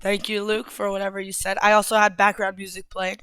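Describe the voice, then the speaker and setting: A man co-hosting a podcast in casual chat, talking in a relaxed way with many fillers. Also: high voice, a little fast, clean tone, no room sound, studio quality. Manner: relaxed, filler-heavy talk. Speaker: podcast co-host.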